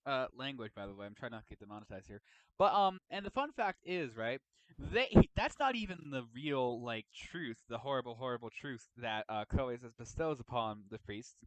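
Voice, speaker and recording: A man hosting a casual chat and retelling a roleplay story. He rambles and keeps tagging his lines with "right?". His voice is lively, with wide swings in pitch, recorded close and dry. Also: a little fast, no echo, rough recording. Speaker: host and storyteller.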